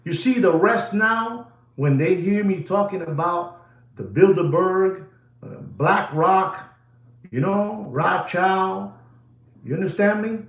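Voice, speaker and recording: A man's voice: high-pitched, takes it slowly, reverberant, highs cut off. A man hosting a live watch-sale stream, talking in a rambling, emphatic way and repeating phrases over and over.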